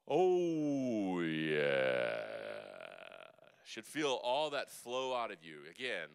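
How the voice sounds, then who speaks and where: A man's voice: lowish voice, sharp tone, clean tone. A man coaching a group through breathing and humming exercises, upbeat and coaxing, demonstrating the sounds himself. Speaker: vocal coach. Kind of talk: leading a group vocal workshop. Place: church hall.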